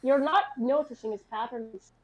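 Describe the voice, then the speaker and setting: A woman playing in a tabletop game, asking quick, eager questions. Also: high-pitched, phone-quality sound, a crowd in the background.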